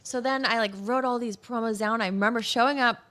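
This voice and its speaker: A woman from Massachusetts, a professional wrestler, telling stories as a guest in a casual interview. She is animated and chatty and laughs often. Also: a little high, fairly quick.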